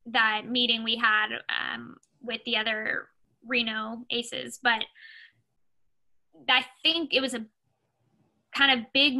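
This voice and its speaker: A woman's voice: a little high, bright, forceful tone, poor audio. A young woman talking casually as a podcast guest, with many fillers like "you know" and "like". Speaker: sports agent, podcast guest. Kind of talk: casual interview talk.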